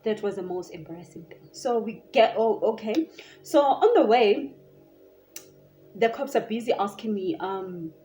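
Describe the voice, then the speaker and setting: A young woman with a South African accent, chatting through a story for her vlog in an animated, rambling way. Her pitch sits in a middling range for a woman. Quiet music plays faintly in the background. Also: unhurried, lo-fi sound. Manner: animated, chatty, lots of filler "like". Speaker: vlogger. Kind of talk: casual storytime.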